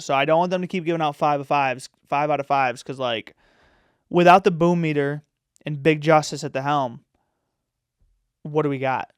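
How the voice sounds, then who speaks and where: In clean studio sound with no room noise, a man with a smooth, mid-range voice hosts a podcast. He talks casually and at length, offering firm opinions heavily padded with "like" and "you know."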